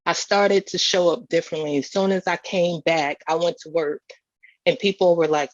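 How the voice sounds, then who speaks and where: A woman's voice: lowish voice, moderate pace, no echo. Earnest woman keynote speaker, testimony talk, dry and slightly dull sound. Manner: earnest, repetitive emphasis.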